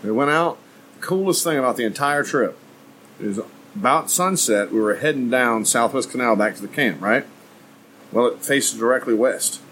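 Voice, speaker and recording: A man's voice: medium pitch, normal speed, a bit bright, slight background noise, rough recording. A man co-hosting a podcast, telling gross-out stories in casual chat with plenty of laughter. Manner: laughing storyteller, graphic and joking. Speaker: podcast co-host.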